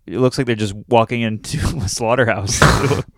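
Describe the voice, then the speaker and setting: A man's voice: mid-range voice, fairly quick, very noisy. A young adult man, a comedian, telling a story in casual chat and laughing often at himself. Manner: laughs often while telling stories, self-deprecating.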